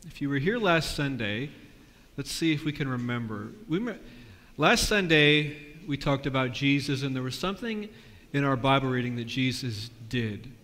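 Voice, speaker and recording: A man leading a lively children's sermon, asking the kids questions in a church with a balcony. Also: mid-range voice, moderate pace. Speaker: pastor. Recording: long reverb of a church.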